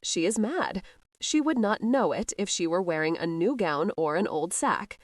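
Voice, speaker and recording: A woman's voice: mid-range voice, lively intonation, normal speed, dry recording, clean studio sound, lightly acted. A woman voicing a cowardly, fawning knight who keeps making excuses. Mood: evasive. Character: evasive cowardly middle-aged male steward knight.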